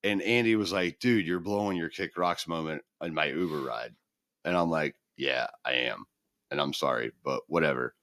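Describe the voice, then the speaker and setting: His voice sits extremely low, moving at a moderate pace on a dry, studio-quality recording. This middle-aged podcast co-host keeps the chat casual and plays the characters in his anecdotes, animatedly voicing their quoted lines.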